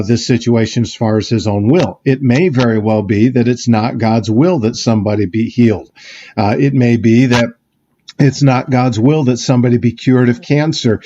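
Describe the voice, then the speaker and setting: A man's voice: mid-range voice, dark tone, highs cut off, a little hiss or hum. A man preaching a sermon as pastor, reflective and conversational, with many fillers and restarts. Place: church sanctuary.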